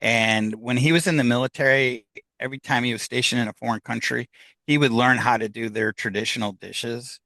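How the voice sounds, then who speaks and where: A man's voice: medium pitch, fairly even intonation, a little fast, gravelly, sharp tone, no echo. A middle-aged man telling a personal story as a podcast guest, candid and rambling, with lots of "uh" and "um.". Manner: candid, rambling, full of fillers.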